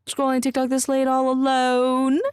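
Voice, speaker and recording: A woman's voice: high-pitched, monotone, moderate pace, clear, resonant tone, dry recording, clean studio sound. A woman streamer in casual live-stream chat, goofy and teasing as she talks at her desk microphone.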